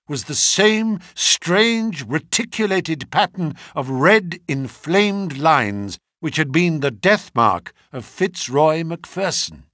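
A man's voice: medium pitch, bright, forceful tone, husky, dry recording, studio quality. A man reading a detective story aloud as narrator, voicing the characters himself. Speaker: audiobook narrator. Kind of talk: scripted narration with character voices.

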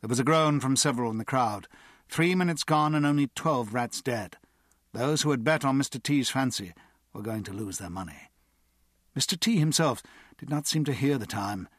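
A man narrating an audiobook with expressive, dramatic storytelling. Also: medium pitch, brisk, husky, no echo, studio quality.

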